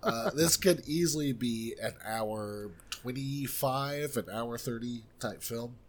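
Husky-voiced man giving blunt film opinions. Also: medium pitch, slow. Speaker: podcast co-host reviewing films. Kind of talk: casual chat.

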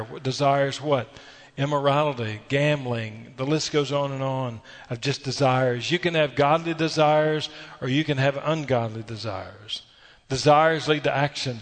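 A man's voice: medium pitch, in a large hall. A man preaching a sermon, exhorting earnestly with repeated phrases and rhetorical questions. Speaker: pastor.

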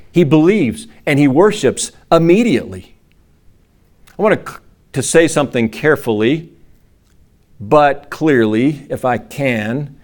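A middle-aged man preaching a sermon, acting out quoted voices in a raised pitch and dropping low for solemn lines. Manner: animated, acts out quotes in a raised voice. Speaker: pastor.

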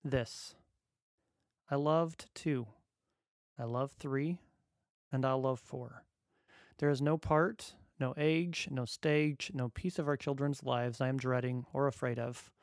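A man's voice: mid-range voice, fairly even intonation, unhurried, dry recording, clean studio sound. A father reading his own personal essay aloud in a wry, earnest, conversational way.

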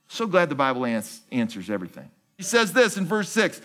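A man's voice: on the high side, expressive, brisk, a bit bright. A man giving a sermon as founding pastor of his church, asking the congregation questions, answering them himself, and repeating key phrases.

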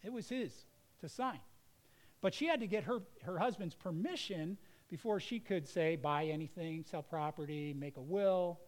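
A man's voice: high-pitched, moderate pace, rough recording. A middle-aged male pastor preaching a sermon in an earnest, conversational way.

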